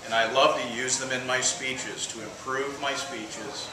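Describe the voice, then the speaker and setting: A man giving a lively, jokey contest speech, leading the audience in call-and-response, heard from far off in an echoey meeting room. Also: medium pitch, measured pace, background noise.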